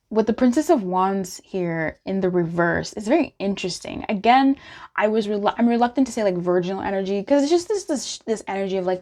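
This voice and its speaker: A woman hosting a relaxed pick-a-card tarot reading. She talks in a loose, chatty way, laughs often, and drops into teasing put-on voices when she quotes people. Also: medium pitch, fairly quick. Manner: chatty, giggly, playfully acts out quoted voices. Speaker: tarot reader.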